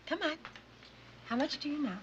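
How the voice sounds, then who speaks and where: An actress playing a firm, devoted schoolteacher who patiently encourages struggling children. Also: female voice, high voice, expressive, normal speed, background noise. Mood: coaxing. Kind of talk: film drama acting. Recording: slightly dull film soundtrack.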